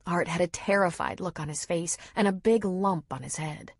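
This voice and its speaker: A woman narrating an audiobook in a steady, dramatic manner, read close to a studio mic. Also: lowish voice, normal speed, hardly any pauses, breathy edge, dry recording. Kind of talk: scripted narration.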